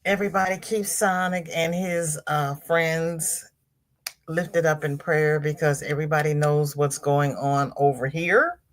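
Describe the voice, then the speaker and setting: A woman hosting a casual livestream, greeting chat viewers by name in sing-song hellos and jumping to high exclamations. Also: measured pace. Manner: chatty and animated, with sudden high exclamations. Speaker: livestream host.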